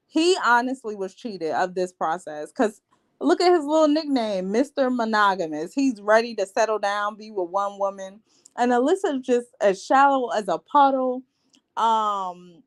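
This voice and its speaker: A woman hosting a casual reality TV recap, talking in a sassy, blunt, slangy way. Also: on the high side. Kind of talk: casual TV review vlog.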